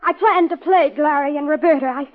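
A woman's voice: sits high, quick pace, lightly acted. An actress playing a frightened, jilted young woman suspect in a 1950s radio drama, pleading and breathless. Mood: defensive. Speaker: murder suspect. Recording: tinny old radio broadcast.

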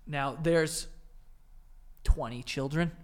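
A laid-back New man rambles through casual podcast chat, swearing freely. His voice sits slightly high. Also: slow pace. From New York. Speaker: podcast co-host.

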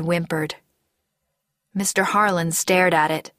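A woman narrating a first-person story in a measured, deliberate way. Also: lowish voice, no room sound, clean studio sound. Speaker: audiobook narrator.

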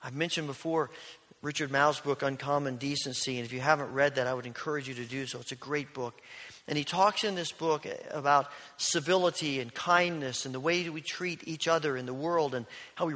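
A male pastor preaching a sermon, telling stories earnestly and dropping to a hush on key lines. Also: on the high side. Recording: long reverb of a large hall.

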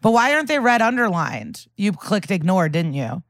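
A woman's voice: medium pitch, sing-song, moderate pace, no room sound, studio quality. Wry teasing woman co-host. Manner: wry, teasing, trails off with asides. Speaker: podcast co-host. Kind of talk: casual chat.

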